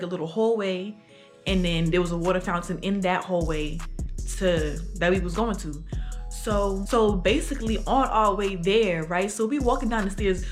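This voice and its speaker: A young adult woman telling a casual storytime for her vlog, talking in slang with lots of fillers. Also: medium pitch. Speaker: vlogger.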